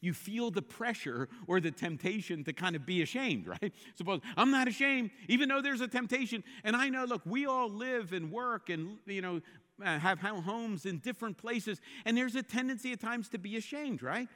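A man delivers a sermon with a high, bright voice that swings widely in pitch. He builds to forceful, emphatic repetitions. The sound carries a long reverb, as in a large hall. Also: moderate pace. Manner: animated preaching, rising to emphatic repeated exclamations. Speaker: pastor.

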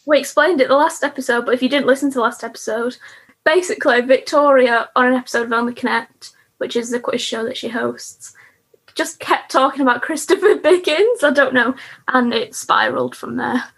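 A young woman co-hosting a podcast, chatty and quick as she recaps an episode with laughs. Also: sits high, gravelly, a bit bright, husky. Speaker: podcast co-host. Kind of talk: casual chat.

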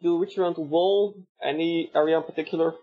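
A man narrating as the game master of a tabletop game, describing scenes in a halting way with many fillers. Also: a little high, steady tone. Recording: dull lo-fi sound with faint music.

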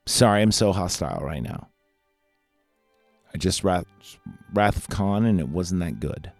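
A podcast host, a man with a somewhat low voice, rambles through film talk with plenty of profanity and bursts of excitement. He sounds close and dry on the mic. Faint music plays underneath. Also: measured pace, vocal fry, long pauses, no room sound. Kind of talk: casual movie ranking chat.

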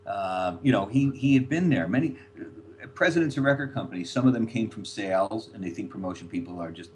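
A man's voice: on the low side, a little fast. An older man from the New York area, a former record label executive, rambling through anecdotes as a podcast guest and repeating his words. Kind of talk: storytelling in a podcast interview.

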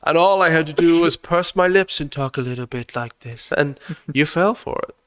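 A man's voice: on the high side, fairly even intonation, drawn-out words, sharp tone, clear, resonant tone, no room sound, pitched above the performer's own voice, heavily acted. Man doing a posh, smug tycoon politician. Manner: pursed-lip, plummy drawl.

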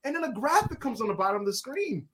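A man in mid-range pitch hosts a casual podcast chat and tells a story with a lot of movement in his voice. He swears freely and climbs up high and loud when he gets worked up. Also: sing-song, fast talker. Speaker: podcast host.

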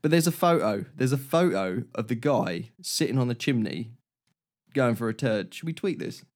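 Co-hosting a casual comedy podcast, a man reads odd news stories aloud at normal speed, his medium-pitched voice lively in intonation. He's giggly, chuckling through the quotes and often dissolving into laughter.

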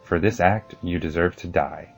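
A man's voice: low voice, fairly even intonation, normal speed, breathy edge, faint music behind. A man voicing a stern, commanding old king in a storybook reading.

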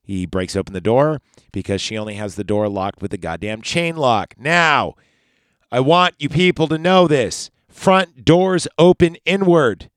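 A man talks through a film recap in a loose, profane podcast style. He keeps wandering off into heated rants before he comes back to the story. His mid-pitched voice sounds close and dry, with no room echo. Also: lively intonation, a little slow. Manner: profane, rambling, ranting asides. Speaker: podcast host. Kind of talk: casual movie recap podcast.

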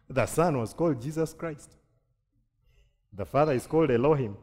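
A male pastor from Kenya delivering a lively sermon, acting out quoted voices and joking with his congregation. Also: a little high, measured pace. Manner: animated preaching with jokes and acted-out quotes. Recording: long hall reverb.

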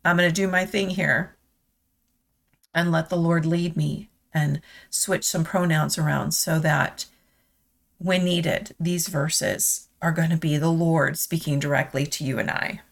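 Woman devotional host, lowish voice, very slow and tender, confessional. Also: steady tone, creaky. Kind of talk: personal devotional reflection and scripture reading.

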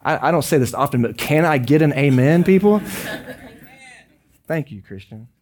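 Pastor preaching, jokey and chatty, kinda high voice. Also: male voice, expressive, moderate pace, darkish tone. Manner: joking, conversational, tossing in asides. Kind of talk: sermon.

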